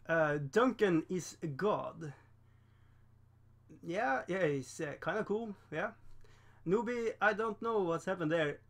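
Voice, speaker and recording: A man casually chatting on a painting livestream, rambling, laughing often and reading the chat aloud. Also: sits high. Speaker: streamer painting miniatures.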